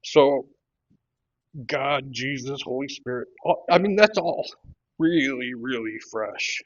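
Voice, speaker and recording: Halting man in his fifties. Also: medium pitch, no room sound, highs cut off. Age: 50s. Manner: halting, with many restarts, gets animated retelling his anger. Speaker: workshop participant sharing testimony. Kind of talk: personal testimony.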